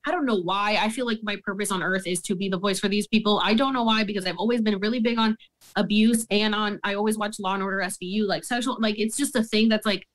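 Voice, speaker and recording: A woman's voice: medium pitch, fairly even intonation, fast. A young woman telling a story in a casual interview, heated and profane, acting out quoted dialogue. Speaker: guest.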